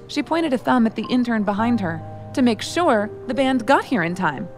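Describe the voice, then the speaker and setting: A woman reading scripted audio drama narration in a steady, even manner. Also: fairly high pitch, moderate pace, few pauses, soft background music.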